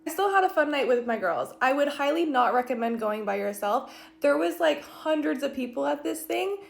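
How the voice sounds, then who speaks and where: Brief: woman, high voice with vocal fry, chatty vlog recap. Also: animated, normal speed. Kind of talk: casual vlog review.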